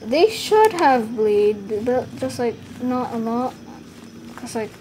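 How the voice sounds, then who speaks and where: Giggly high-voiced woman gaming. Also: takes it slowly, slight background noise. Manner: giggly, rambling, trails off mid-sentence; bursts into excited shouting at the action. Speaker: gaming YouTuber. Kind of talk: casual gameplay commentary.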